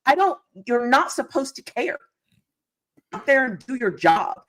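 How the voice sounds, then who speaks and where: A woman co-hosting a live sports stream, ranting with excitement and emphasis. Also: sits high, unhurried. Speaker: guest co-host.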